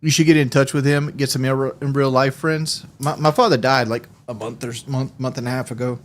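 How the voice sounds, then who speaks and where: A man's voice: medium pitch, fairly even intonation, a little hiss or hum. Rambling, profane male streamer. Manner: rambling, profane, quick to laugh. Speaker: game streamer. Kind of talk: casual livestream chat.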